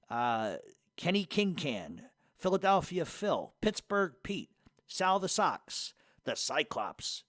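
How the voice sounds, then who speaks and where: A man's voice: on the high side, a bit bright, no echo. A middle-aged man hosting a podcast, telling stories and answering listener questions in casual, profane talk, laughing often. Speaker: podcast host. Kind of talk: casual storytelling and Q&A.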